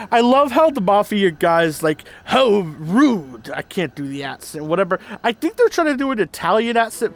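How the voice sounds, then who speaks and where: Chatty man rambling over gameplay. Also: fairly high pitch. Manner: rambling, chatty, laughs often. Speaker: gaming channel host. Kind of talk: casual let's-play commentary. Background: faint game music.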